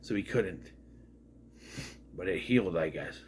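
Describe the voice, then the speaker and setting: Rambling man with lively pitch. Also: unhurried, slight background noise. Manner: rambling, retells scenes acting out quotes. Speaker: movie reviewer. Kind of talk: casual spoken movie review.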